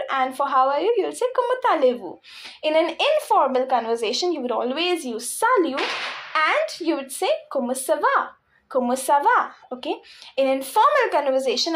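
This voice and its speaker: A young woman teaches beginner French in a high, light voice. She goes step by step, saying each phrase more than once and stopping to check that her class follows along. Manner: repeats phrases slowly and checks understanding. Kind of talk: classroom-style language lesson.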